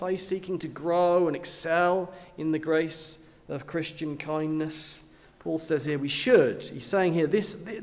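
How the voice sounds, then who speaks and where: An earnest male preacher delivering a sermon, his voice sitting a little higher than most men's. He stresses his points with repeated phrases and direct questions to his listeners. The long reverb of a large hall trails behind every word. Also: darkish tone. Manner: earnest, with rhetorical questions and repetition.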